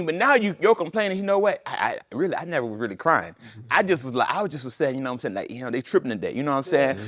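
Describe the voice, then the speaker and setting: Lively high-voiced preaching man. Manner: conversational preaching with slang and rhetorical questions. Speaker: minister. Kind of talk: call-and-response sermon.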